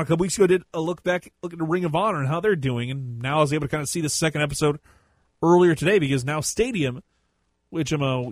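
A man hosts a solo podcast in a casual, rambling way, often correcting himself mid-sentence. His voice sits somewhat high for a man. The sound is dry and close. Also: dry recording. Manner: chatty, rambling, self-correcting. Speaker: podcast host.

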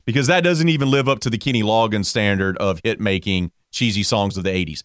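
A man's voice: fast, hardly any pauses, dry recording. Ranting man on a dry sports talk mic. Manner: animated ranting, voice jumping high for emphasis. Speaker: co-host. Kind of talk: casual sports talk chat.

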